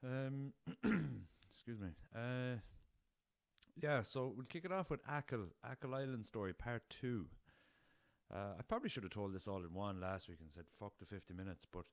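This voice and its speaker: A man's voice: medium pitch, moderate pace, vocal fry, no room sound. An Irish man hosting a casual solo podcast, rambling through a story and swearing freely, recorded on a laptop. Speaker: podcast host.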